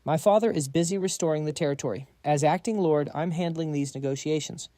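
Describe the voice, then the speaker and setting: An emotionless young noble mercenary leader, speaking in flat, cutting tones, as a man reads him. His voice is a little high but dark and mellow, recorded close and dry. It belongs to a comic recap. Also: a little fast, no room sound, natural voice. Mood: icy.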